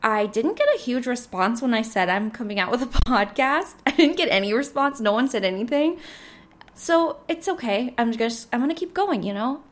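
A young woman in her twenties hosts a casual solo podcast, rambling cheerfully with plenty of filler words. Her voice sits a little high and sounds slightly hoarse, as if she is losing it. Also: animated, normal speed. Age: 20s. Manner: rambling, chatty, full of "like" fillers. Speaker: podcast host.

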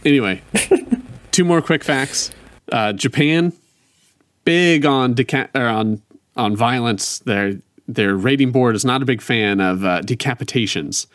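A man's voice: medium pitch, unhurried, a bit bright, no echo. A man co-hosting a casual video game podcast, eagerly sharing trivia facts. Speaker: podcast co-host. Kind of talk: casual gaming chat.

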